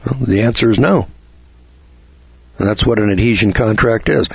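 A man's voice: mid-range voice, breathy edge, no echo, lo-fi sound. A middle-aged man, hosting a radio lecture, who talks in a folksy way and asks lots of rhetorical questions.

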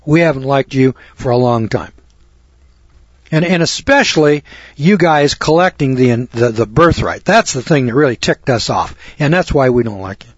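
A man's voice: mid-range voice, expressive, moderate pace, breathy edge, dry recording. A middle-aged man hosting a radio talk show, lecturing in a blunt, rambling, preachy way. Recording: dull lo-fi radio recording.

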